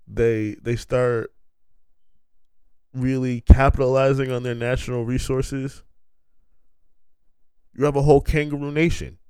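Male podcast host, unhurried delivery, smooth resonant voice, animated and profane comic riffing. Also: medium pitch, no echo, clean studio sound. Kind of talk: rambling comic monologue.

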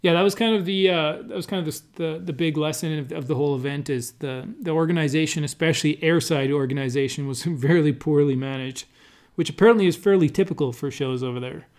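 A man casually recounting flights at an air race event, pausing and restarting often and laughing now and then. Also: fairly high pitch, darkish tone. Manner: halting, many restarts and fillers, laughs while telling. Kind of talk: casual conversational recollection.

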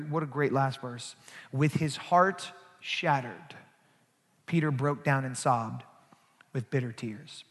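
A male pastor preaching a sermon, moving from quiet asides to loud, emphatic passages. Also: a little high, big-room sound.

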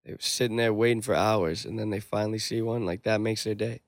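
A young man in casual chat, excitable and swearing heavily. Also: fairly low pitch, fairly quick, dry recording, studio quality.

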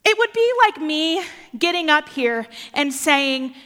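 A high, bright young woman delivering a sermon at an unhurried pace, with playful jokes along the way. Her voice rings out with a long hall reverb behind it. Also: expressive. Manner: playful, joking asides. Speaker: preacher.

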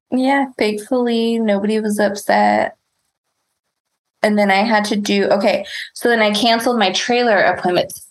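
A woman's voice: mid-range voice, vocal fry, poor audio. A woman telling a story in casual chat, laughing often, swearing and rambling with lots of fillers.

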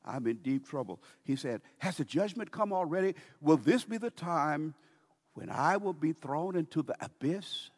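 A terrified male demon pleading for mercy, as a preacher acts him out in a sermon, with slow, begging phrases and a voice that leaps up and down. The words echo with a long hall reverb. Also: a little high, expressive, husky. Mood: fearful.

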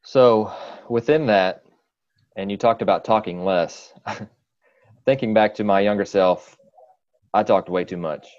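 Low-voiced male interviewer, muffled. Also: unhurried, pauses often, darkish tone. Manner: brief backchannel affirmations. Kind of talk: conversational interview.

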